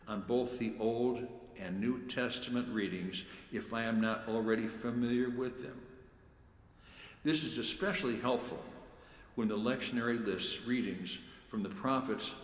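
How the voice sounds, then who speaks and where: Male church lector, measured and deliberate, low voice, roomy reverberant sound. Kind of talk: prepared talk on reading scripture aloud. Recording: echoey room with long reverb.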